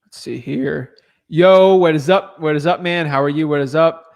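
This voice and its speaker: A man answering viewer questions in a relaxed, chatty livestream, talking loosely with lots of filler words. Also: on the high side, normal speed, creaky. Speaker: real estate wholesaler answering viewer questions. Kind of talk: casual livestream chat.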